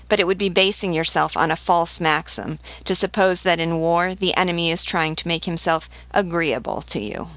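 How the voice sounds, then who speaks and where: A woman reading the lines of an aged aristocratic male marquis from a novel, calm and unhurried, stressing nothing. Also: sits low, dry recording, heavily acted. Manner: calm, unhurried, unstressed delivery.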